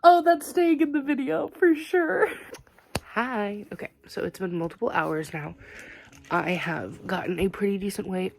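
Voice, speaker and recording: A woman's voice: mid-range voice, a little slow, gravelly, background noise. A woman talking casually in a reading vlog, rambling with lots of "like" fillers. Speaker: reading vlogger.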